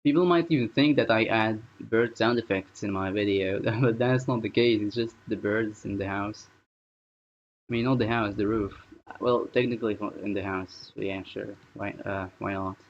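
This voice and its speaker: Guy rambling to himself on a live stream, lowish voice, kinda dull lo-fi audio. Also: normal speed. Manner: rambling, thinking aloud while working. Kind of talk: casual live-stream chatter. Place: at home.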